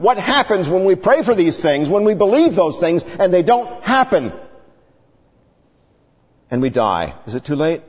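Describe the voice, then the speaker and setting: A man's voice: sits high, big pitch swings, moderate pace, long pauses, husky. A man preaching a sermon, acting out the people in the story with dramatic swings in his voice. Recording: dull sound with long reverb.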